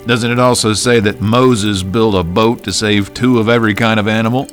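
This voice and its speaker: A man playing a deep-voiced professor. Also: steady tone, normal speed, soft background music, natural voice. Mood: earnest. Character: scholarly male professor building a robot dinosaur. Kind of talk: radio drama.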